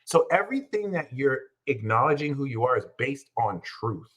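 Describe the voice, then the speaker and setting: An American man hosting an astrology livestream, talking in an emphatic, slangy way and breaking into loud, heated rants. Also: medium pitch, big pitch swings, moderate pace, husky, poor audio. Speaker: astrologer and channel host. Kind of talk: animated livestream astrology talk.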